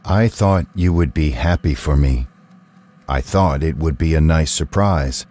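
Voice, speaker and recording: An earnest male robot, voiced by a man, talks in careful, complete sentences. His voice is very deep. He sounds sincere and almost human. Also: measured pace, a little mellow. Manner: earnest, pleading, carefully worded.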